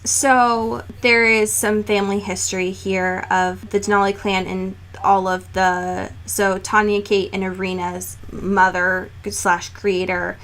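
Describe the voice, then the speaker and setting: Woman podcast co-host, mid-pitched, casual book recap, sarcastic and animated delivery. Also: takes it slowly, few pauses, slight background noise. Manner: animated, sarcastic, swears and laughs often.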